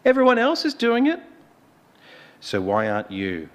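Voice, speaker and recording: A man's voice: very high-pitched, wildly swooping pitch, normal speed, pitched above the performer's own voice, full character voice. A man preacher voicing a smarmy, arrogant ancient king who coaxes and pushes during a sermon story. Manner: coaxing, pushy questioning.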